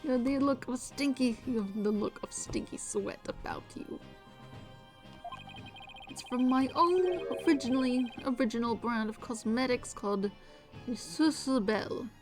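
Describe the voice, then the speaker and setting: A woman's voice: fairly high pitch, measured pace, soft background music, close to an everyday voice. A woman voicing a vain, flamboyant male personal aide who talks pompously with faux-French flourishes.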